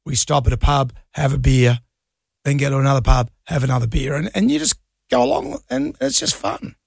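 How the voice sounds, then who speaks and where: A man's voice: medium pitch, lively intonation, fairly quick, vocal fry, breathy edge, dry recording, studio quality. A middle-aged Australian man co-hosting a radio show, telling rambling anecdotes and laughing easily. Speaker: radio co-host. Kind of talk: casual on-air banter. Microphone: studio mic.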